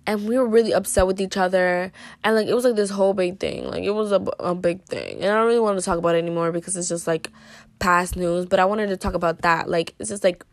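A woman's voice: mid-range voice, dry recording. Rambling teen girl telling a story. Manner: rambling, heavy use of "like" and "you know"; playfully dramatic and joking. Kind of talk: casual storytime monologue.

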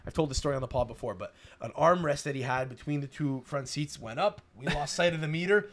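A young man from Canada, hosting a podcast, telling a story fast and loose with swearing and restarts. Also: a little high. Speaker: podcast host. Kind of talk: casual chat.

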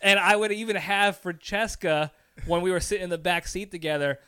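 A man with a high, bright, clear voice, hosting a casual podcast chat. He tells a comic story in an animated way, acts out scenes and laughs often. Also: brisk. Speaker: podcast host.

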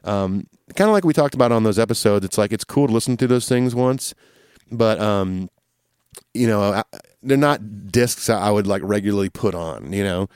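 A man's voice: on the low side, normal speed, darkish tone, clean tone, no echo, studio quality. A man hosting a podcast, chatting casually through listener questions in an easygoing, rambling way full of fillers and restarts. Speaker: podcast host.

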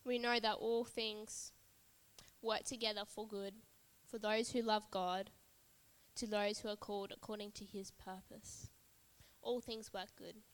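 A woman's voice: medium pitch, level tone, a little slow, big-room sound. A woman preaching a sermon at a church service, earnest and repetitive, building emphasis phrase by phrase.

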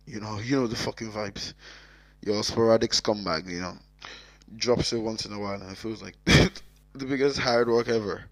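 A man's voice: lowish voice, moderate pace, a little hiss or hum, rough recording. A man with a Cork Irish accent hosting his podcast, talking loosely and jokily, swearing often and trailing off into restarts. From Ireland. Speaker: podcast host. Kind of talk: casual rambling solo intro.

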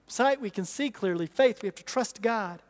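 A man with a strikingly high voice delivers an emphatic sermon, repeating key phrases and asking his listeners rhetorical questions. His voice rings out with the long reverb of a large church hall. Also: animated, normal speed. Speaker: pastor.

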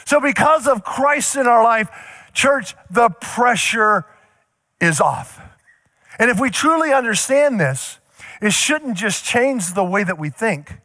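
A male pastor preaching a sermon, animated, acting out little scenes for the congregation. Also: very high voice, normal speed, no echo, clean studio sound.

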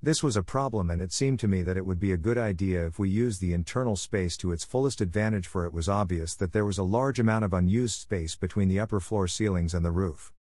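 Low-voiced man reading a ghost story. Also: darkish tone, dry recording, clean studio sound. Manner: measured, formal first-person telling. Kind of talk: scripted story narration.

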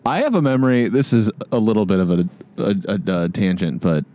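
A man's voice: on the low side, fairly quick. A man co-hosting a podcast in casual chat, telling stories with frequent laughter. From American Midwest. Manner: animated storyteller, laughs often. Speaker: podcast co-host.

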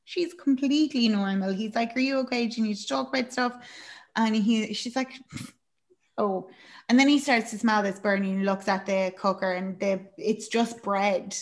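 A woman's voice: mid-range voice, steady tone, moderate pace. A woman co-hosting a podcast, casually recapping a film with plenty of fillers and acted-out quotes. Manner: chatty, lots of fillers, acts out character lines. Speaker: podcast co-host.

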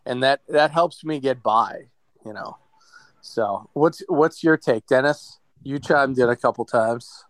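A man chatting casually on a podcast, reflecting in a relaxed, conversational way. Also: medium pitch, a little slow, no room sound. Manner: reflective, talks about faith.

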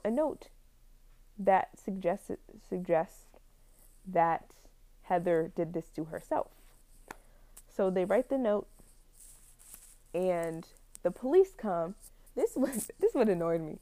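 A woman's voice: medium pitch, animated, takes it slowly, pauses often, mellow. A young woman casually retelling a film plot, rambling with many fillers and frequent laughs.

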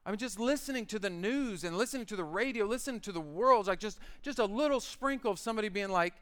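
A man's voice: high-pitched, fast talker, few pauses, clean tone. A male pastor giving a casual, joking sermon and acting out little quotes as he talks. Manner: animated, joking storyteller who acts out quotes. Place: church.

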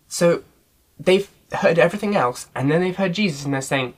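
A man's voice: fairly high pitch, fairly quick, low-quality recording. A man leading an online Bible study in a casual teaching style, earnest and loosely phrased with frequent filler sounds.

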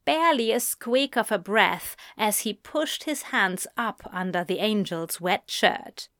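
A woman reading a story aloud in slow, even audiobook-style narration into a close mic. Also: medium pitch, no echo.

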